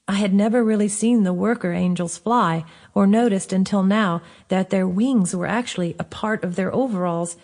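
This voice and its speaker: Woman author-narrator, audiobook reading, steady and clear, mid-pitched. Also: moderate pace, hardly any pauses. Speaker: author reading her own book.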